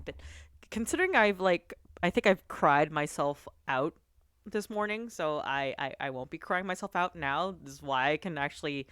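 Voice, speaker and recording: A woman's voice: sits low, normal speed, a bit bright, smooth. A woman streamer chatting casually with her viewers, giggling often and talking with lots of fillers. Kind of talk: casual chat on a livestream.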